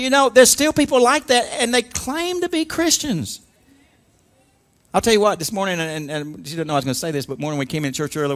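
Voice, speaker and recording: High-voiced emphatic preacher. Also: male voice, fairly bright tone. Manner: emphatic call-and-response preaching. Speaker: pastor. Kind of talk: sermon.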